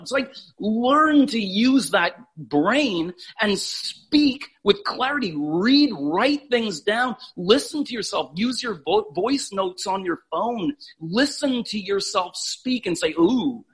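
A husky man with a high, lively voice who talks emphatically and swears freely. He comes across as a casual, animated podcast guest with big rises and falls in his pitch. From Canada. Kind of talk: animated motivational talk.

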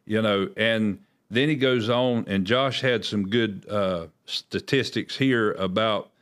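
An earnest man with a lowish voice, talking through scripture in a casual discussion. He has a preacher's habit of leaning hard on quoted verses to give them weight. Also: takes it slowly, a bit bright. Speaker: host.

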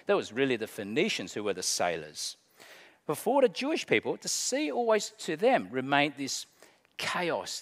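Lively preaching man in a reverberant hall. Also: fairly high pitch. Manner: expressive preaching, acts out frantic cries. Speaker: pastor. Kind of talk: sermon. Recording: long church reverb.

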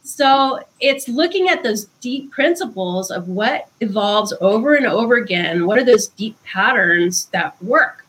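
A woman guest author explaining ideas in conversation, thoughtful and unhurried, with frequent ums. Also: on the high side, lively intonation, fairly bright tone, slightly rough, poor audio.

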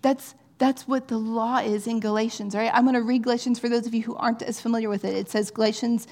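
A woman preaching in a relaxed, conversational way, her voice sitting a little high. She keeps checking in with the room and now and then sinks to a hushed, almost whispered tone. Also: quick pace. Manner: earnest, often checks in with "right?"; drops to soft, near-whispered phrases at times. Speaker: pastor. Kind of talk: conversational sermon.

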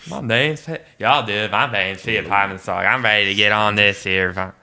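A man's voice: lowish voice, fairly even intonation, normal speed, pushed and bright. A man voicing a quirky, laid-back Californian guy in his late twenties who talks like a dude.

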